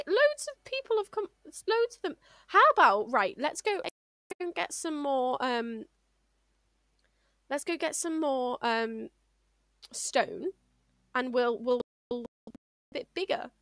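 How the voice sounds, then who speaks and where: A woman streams a game in a playful, chatty way, coaxing the creatures on screen. Her voice sits a little high and she talks at an unhurried pace. The mic is close and dry, with faint music underneath. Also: gravelly, fairly bright tone, no echo. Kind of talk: casual gameplay streaming.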